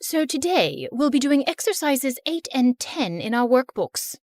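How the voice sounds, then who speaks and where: Strict touchy math teacher, stern, highish and lively, dry close sound. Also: female voice, a little slow, no room sound. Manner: stern, snappy. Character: strict woman math teacher, easily offended.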